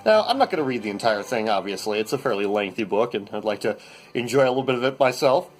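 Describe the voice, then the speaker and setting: A man hosting a comedy bit, reading a novel aloud in mock-serious deadpan, rambling and stammering through his asides. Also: mid-range voice, quick pace, soft background music. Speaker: comedy host.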